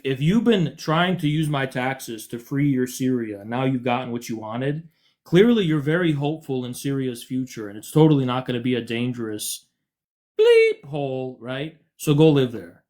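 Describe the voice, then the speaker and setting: A man's voice: medium pitch, big pitch swings, moderate pace, a little mellow. A man from the United States hosting a livestream, arguing with callers in a combative, mocking way. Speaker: livestream host. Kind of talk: heated livestream argument.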